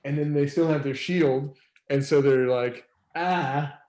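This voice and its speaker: A man facilitating a circling group, talking in a relaxed, rambling way with many fillers and laughs. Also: medium pitch, moderate pace, reverberant. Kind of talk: casual teaching talk.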